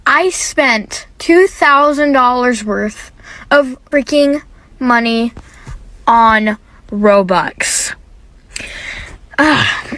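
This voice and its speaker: A woman with a bright, forward voice telling a personal storytime very slowly. The recording is dry and close, and she keeps a relaxed, confessional tone. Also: a little high, no room sound, poor audio. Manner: bright, unhurried confessional retelling. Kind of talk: casual storytime.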